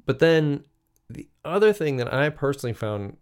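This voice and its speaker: A man's voice: mid-range voice, big pitch swings, normal speed, darkish tone, clean tone. A middle-aged man from the United States, hosting a podcast and musing aloud in a solo monologue, with frequent restarts. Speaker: podcast host.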